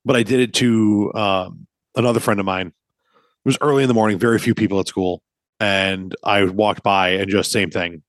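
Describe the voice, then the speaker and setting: A man in his thirties, a podcast co-host, chatting casually and telling animated, profane stories. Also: fairly low pitch, moderate pace, no echo.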